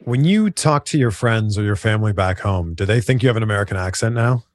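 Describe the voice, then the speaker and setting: A man hosting an interview, asking quick, enthusiastic questions in a casual tone. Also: on the low side, animated, dry recording, studio quality. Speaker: podcast host.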